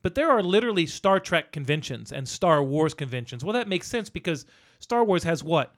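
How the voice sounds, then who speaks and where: A middle-aged man co-hosting a podcast, chatting casually about a movie in a rambling, animated way. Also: fairly high pitch, fairly quick. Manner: rambling, animated storyteller, acts out quotes. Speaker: podcast co-host.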